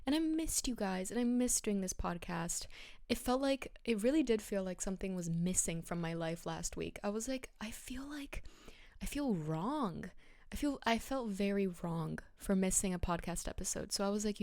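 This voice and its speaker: A woman's voice: medium pitch, darkish tone, no room sound, clean studio sound. A young woman from Bulgaria hosting her own podcast in casual, rambling, self-deprecating chat, a little out of breath. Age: young adult. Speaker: podcast host.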